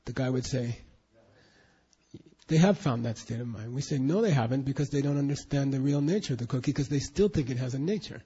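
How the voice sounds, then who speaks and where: Husky-voiced man teaching a class. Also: medium pitch, a little fast, warm tone, highs cut off. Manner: emphatic, questioning, drills students. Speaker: Buddhist teacher. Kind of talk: classroom teaching, leading group recitation.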